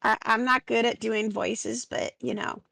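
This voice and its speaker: A woman playing a tabletop game talks in a hesitant, self-deprecating way. Her fairly high voice has a gravelly edge. The sound is close and dry. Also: fairly even intonation, measured pace, sharp tone, no room sound. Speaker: player. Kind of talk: casual chat.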